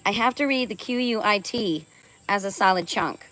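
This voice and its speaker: A woman's voice: medium pitch, normal speed, fairly bright tone, rough recording. A woman chatting casually on her live stream, playful and laughing often as she reads and answers viewer comments, swearing now and then.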